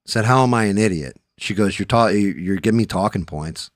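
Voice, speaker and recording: Profane storytelling man, low voice. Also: brisk, dry recording, clean studio sound. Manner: profane, storytelling, animated when riled up. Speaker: podcast host. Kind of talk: casual chat.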